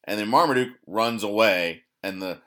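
Deadpan man rambling through comic strips. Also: on the low side, normal speed. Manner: rambling, self-correcting, dry sarcastic explanations. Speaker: podcast host.

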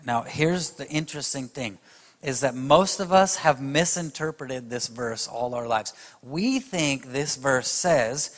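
A man's voice: mid-range voice, a little slow, long reverb tail. A man preaching a sermon, emphatic and speaking straight to his audience. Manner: emphatic, addresses the audience directly.

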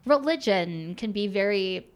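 A woman's voice: mid-range voice, animated, a little slow, clean tone. A young woman chatting casually as a podcast guest, frank and swearing freely, with lots of fillers.

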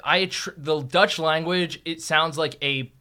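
Bright-toned man co-host; loose, rambling casual talk. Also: fairly high pitch, fairly even intonation, measured pace, smooth. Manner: rambling, self-interrupting. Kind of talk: casual chat.

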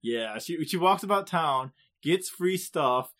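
A man co-hosting a podcast, recapping anime episodes in casual, animated chat and often laughing. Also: on the high side, takes it slowly. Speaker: podcast co-host.

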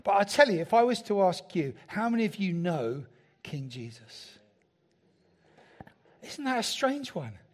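Conversational preacher, higher voice. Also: male voice, big pitch swings, measured pace, pauses often. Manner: conversational preaching with rhetorical questions. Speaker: pastor. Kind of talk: sermon.

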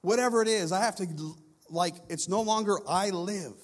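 High-voiced man preaching a sermon. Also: moderate pace. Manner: swings between loud urgent passages and hushed low ones; repetitive, building phrases. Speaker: guest pastor.

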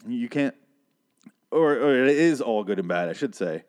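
A man's voice: mid-range voice, lively intonation, normal speed, a little mellow. A man from Michigan hosting a podcast, ranting in a rambling, sarcastic and profane casual monologue. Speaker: podcast host.

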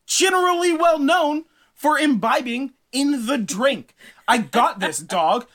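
A man's voice: very high voice, lively intonation, slow, a bit bright, voice pushed up, exaggerated voice. A man doing a brash, slangy thunder god. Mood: cocky. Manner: slangy bro talk. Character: brash cocky male god of thunder, hot-tempered.

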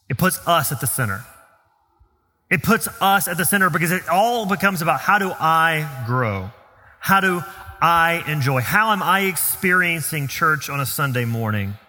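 A man with a Southern US accent preaching a sermon as pastor, earnest and emphatic, slowing down on key phrases. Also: on the high side, pushed and bright, long reverb tail. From Southern United States. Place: church sanctuary.

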